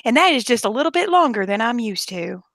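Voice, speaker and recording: A woman's voice: on the high side, sing-song, fast talker, a bit bright, dry recording. A woman hosting a late-night livestream, tired after hours of streaming, rambling and goofy with frequent giggles. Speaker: livestream host. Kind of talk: late-night casual chat.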